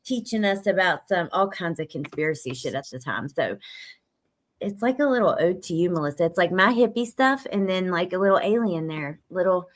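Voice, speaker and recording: A woman's voice: fairly low pitch, animated, brisk. Woman, livestream host, loose and chatty, laughs often, reads comments aloud. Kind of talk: casual livestream chat. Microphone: desk microphone.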